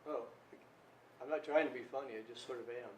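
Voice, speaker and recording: A man interviewing a guest in a relaxed, joking, conversational way. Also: medium pitch, brisk, a little hiss or hum. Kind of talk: casual interview chat. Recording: roomy room, distant mic.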